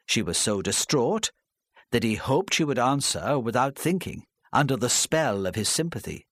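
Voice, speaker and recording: Brief: male narrator for a crime audiobook, expressive and varied in pitch. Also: moderate pace, no echo, clean studio sound.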